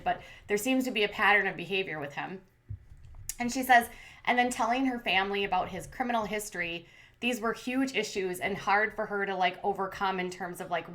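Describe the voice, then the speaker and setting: A woman's voice: mid-range voice, a bit bright. A woman hosting a commentary channel, recapping a reality show in a chatty, sarcastic way with plenty of fillers.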